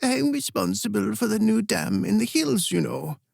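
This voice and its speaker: A man putting on a doddering old queen from a fantasy audiobook, lifted high above his usual register, sweet and cheery but drifting off. The voice stays light and a little faraway, with a gravelly edge underneath. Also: very animated, normal speed, no echo, studio quality, full character voice. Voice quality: soft and bright. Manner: cheerful and vague. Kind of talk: audiobook character voice.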